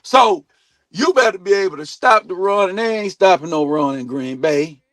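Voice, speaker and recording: A man hosting a sports talk stream, ranting bluntly and swearing a lot, jumping between loud outbursts and low mutters. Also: animated, normal speed, no room sound, soft background music. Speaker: sports talk show host. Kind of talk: profane sports opinion rant. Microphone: streaming mic.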